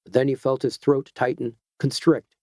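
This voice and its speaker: Casting: male audiobook narrator, even and measured, middle voice, dead-dry booth sound. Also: mid-range voice, no echo. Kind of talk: scripted narration.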